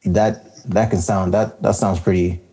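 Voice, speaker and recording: A man's voice: deep voice, little pitch movement, measured pace, warm tone, husky. A man co-hosting a casual hip-hop podcast, talking in a laid-back, rambling way with lots of fillers and laughter. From Canada. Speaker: podcast co-host.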